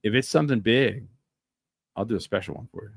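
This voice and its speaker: A man's voice: fairly low pitch, fast talker, gravelly, husky, dry recording, clean studio sound. A man hosting a podcast in casual chat, telling stories with animation and acting out quoted lines. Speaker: podcast host.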